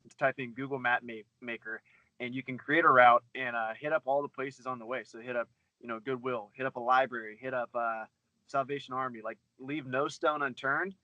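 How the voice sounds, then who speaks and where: Bright-voiced man in casual chat. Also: medium pitch, steady tone, dry recording, highs cut off. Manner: fast, loose, swears freely, many fillers. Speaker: guest, book reseller.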